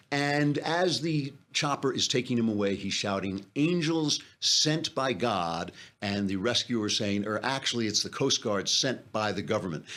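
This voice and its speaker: A man's voice: lowish voice, fairly bright tone. A man hosting a political commentary podcast, delivering an impassioned, sarcastic monologue. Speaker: podcast host.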